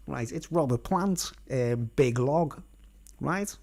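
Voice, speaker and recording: A man's voice: mid-range voice, takes it slowly, creaky, darkish tone. A man telling a rambling personal story in casual slang, constantly checking in with his listeners. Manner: colloquial, nonstandard grammar. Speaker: vlogger.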